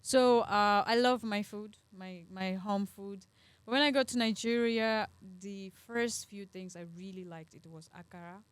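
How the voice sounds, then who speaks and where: A young woman from Dagestan in Russia with a Russian accent, a guest in a casual podcast interview, animated and quick to laugh, dropping bits of Nigerian Pidgin. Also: mid-range voice, smooth, no echo. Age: young adult.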